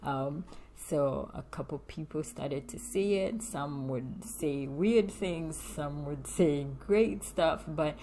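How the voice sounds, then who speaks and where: A woman's voice: low-pitched, slow pace, hardly any pauses, mellow, a little hiss or hum. A woman vlogger telling a personal story in a confiding way, with many fillers and frequent drops into a whisper. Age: adult with a young daughter.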